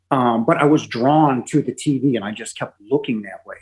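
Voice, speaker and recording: Halting middle-aged man telling his story. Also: mid-range voice, darkish tone, rough recording. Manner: halting, emotional, many pauses and restarts. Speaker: podcast guest. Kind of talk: personal testimony.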